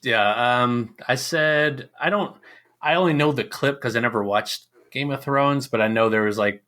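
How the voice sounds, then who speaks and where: A man with a mid-range voice co-hosts a casual movie podcast. He talks in a lively way and slips into movie quotes as he tells a scene. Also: medium pitch, normal speed. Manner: lively, acts out quotes from films. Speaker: podcast co-host.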